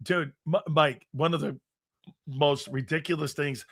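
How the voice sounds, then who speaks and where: A man's voice: a little high, steady tone, unhurried, fairly bright tone, husky, no room sound, clean studio sound. A man hosting a sports talk show, bantering bluntly and joking with his guest.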